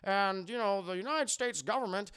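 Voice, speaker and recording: A man voicing a male TV news reporter with a formal, measured delivery. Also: high-pitched, sharp tone, smooth, pitched above the performer's own voice.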